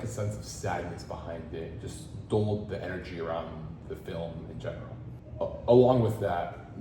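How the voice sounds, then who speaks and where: A male student answering interview questions about his own film project, earnest and steady, with small stumbles. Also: sits low. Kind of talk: interview-style reflection, partly read. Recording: roomy echo with steady background noise.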